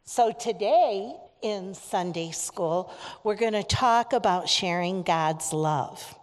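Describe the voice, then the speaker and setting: A woman's voice: mid-range voice, expressive, takes it slowly. Upbeat woman leading children in church. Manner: upbeat, asks children questions, call-and-response. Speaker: children's ministry leader. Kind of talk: children's message in a church service. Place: church sanctuary. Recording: long reverb of a church sanctuary.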